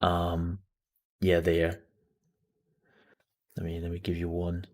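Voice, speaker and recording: A man's voice: deep voice, completely flat delivery, takes it slowly, a little mellow. A man hosting a live stream, chatting casually and rambling, with many fillers and restarts. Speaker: streamer and news show host.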